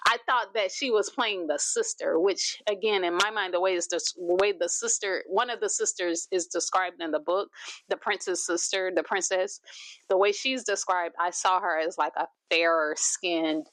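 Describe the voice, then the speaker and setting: A woman's voice: on the low side, moderate pace, fairly bright tone, no room sound. A woman hosting a reaction video, talking casually with lots of fillers and restarts. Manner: chatty, many fillers and restarts. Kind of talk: casual commentary.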